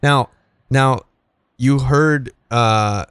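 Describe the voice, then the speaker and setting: A man's voice: mid-range voice, very slow, a bit bright, smooth, no room sound, clean studio sound. A man co-hosting a community radio music show, easygoing and casually profane, introducing tracks with some hesitation. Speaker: radio co-host.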